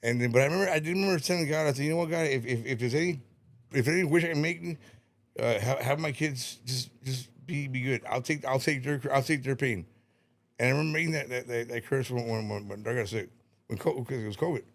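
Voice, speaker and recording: A middle-aged man rambles through stories in a casual podcast chat. His voice is gravelly and his pace is quick, and he stumbles over repeated words, swears freely and laughs often. His pitch sits in the ordinary middle. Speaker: podcast guest.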